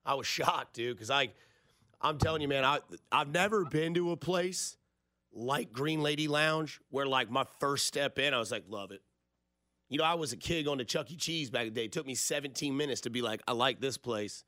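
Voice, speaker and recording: A man's voice: mid-range voice, a little fast, sharp tone, no echo, clean studio sound. A man, hosting a sports radio show in a rambling, jokey storytelling way. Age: 30s. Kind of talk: casual radio talk.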